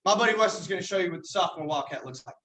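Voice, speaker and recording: A young man, a yell leader, explaining chants with a folksy, teasing delivery. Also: high-pitched, expressive, very fast. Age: young adult. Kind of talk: joking instructional talk. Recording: echoey room from far off.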